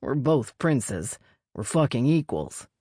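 A woman voicing a proud male vampire prince who swears and threatens in a lowered voice. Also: very animated, takes it slowly, warm tone, breathy edge, no echo, studio quality, exaggerated voice. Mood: threatening.

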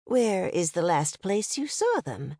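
A woman's voice: fairly low pitch, big pitch swings, slow pace, mellow, husky, no echo, studio quality, heavily acted. A woman doing a sweet but defiant motel owner. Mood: sweetly soothing. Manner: overly sweet, then firm.

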